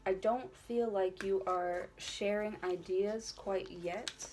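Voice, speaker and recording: A woman's voice: medium pitch, steady tone, slow, darkish tone, a little hiss or hum. A woman doing a casual tarot reading to the camera, encouraging and earnest, rambling and repeating herself with plenty of filler and swearing. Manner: rambling, repeats herself, leans on "you know", swears freely; encouraging, earnest, speaks straight to the viewer. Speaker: tarot reader.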